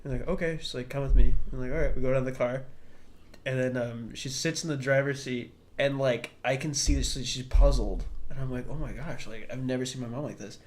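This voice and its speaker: A man's voice: mid-range voice, steady tone, fairly quick. A young man co-hosting a podcast, telling a childhood story in casual chat and acting out the voices he quotes. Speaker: podcast co-host.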